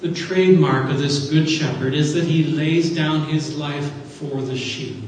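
A man preaching a sermon, lifting his voice with earnest emphasis on each scripture line. His fairly high voice comes from far off the mic. A large hall wraps it in long, roomy echo. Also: a little slow, a little mellow, a little hiss or hum. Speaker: pastor. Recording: echoey hall from a distance.

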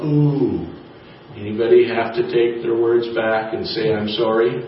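Male pastor, unhurried conversational preaching with scripture reading, recorded from a distance in a big echoing room. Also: mid-range voice, fairly even intonation. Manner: conversational, checks in with the congregation; reads scripture aloud between remarks. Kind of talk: sermon. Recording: distant, dull, roomy sound with faint noise.

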